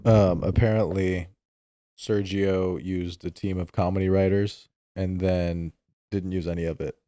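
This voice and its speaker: A man's voice: low voice, flat delivery, unhurried, mellow. A man on a casual film podcast, laid-back, chipping in with trivia. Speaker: podcast co-host.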